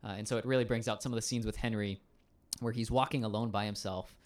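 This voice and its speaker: A man's voice: fairly low pitch, fairly even intonation, quick pace. A male teacher in a casual conversation, explaining at length in a thoughtful way with frequent ums and restarts.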